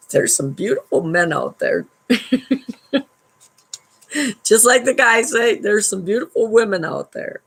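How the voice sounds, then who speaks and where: A woman's voice: fairly high pitch, animated, takes it slowly, vocal fry, long pauses, husky, rough recording. A woman hosting a live stream at home, reading a book aloud and adding wry commentary, laughing often between passages.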